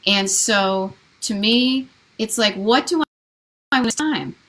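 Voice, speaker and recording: A woman's voice: medium pitch, takes it slowly, pushed and bright, low-quality recording. A woman chatting casually from her living room during a live video, rambling with lots of fillers and restarts. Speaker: vlogger hosting a live Q&A. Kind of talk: casual live-stream chat.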